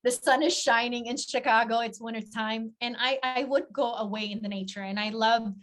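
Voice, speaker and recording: Woman, confidence coach; higher voice, earnest, reflective interview guest. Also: steady tone, normal speed, fairly bright tone. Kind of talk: casual podcast interview.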